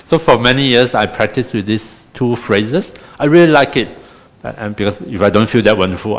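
A Singaporean man teaches a meditation class in a wry, chatty, self-deprecating way, tossing in little tag questions as he goes. His voice sits somewhat low. It carries a long reverb, as if he were speaking in a hall. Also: fairly bright tone. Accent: Singaporean English.

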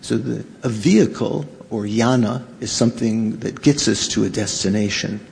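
Creaky-voiced man teaching in a hall. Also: fairly low pitch, a little mellow. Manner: halting, conversational, questions the audience. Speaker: Buddhist teacher. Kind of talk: lecture to a live audience. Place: hall with a live audience. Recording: reverberant hall, faint background noise.

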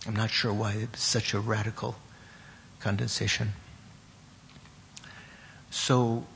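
A man teaching a class on Buddhist meditation and terms, pausing often, repeating words and putting questions to his students. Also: fairly low pitch, little pitch movement, creaky, a bit bright, a little hiss or hum.

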